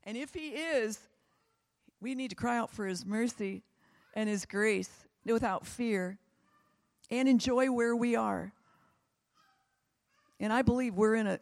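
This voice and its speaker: Gravelly preacher in a reverberant hall. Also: mid-range voice, moderate pace, long pauses. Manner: fervent, repetitive exhortation. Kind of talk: sermon closing in prayer.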